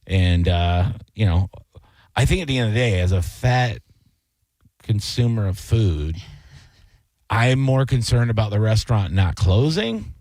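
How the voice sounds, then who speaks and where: A man's voice: lowish voice, lively intonation, unhurried, long pauses, darkish tone, dry recording. A man hosting a radio show, rambling and joking in casual banter with plenty of fillers. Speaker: radio host.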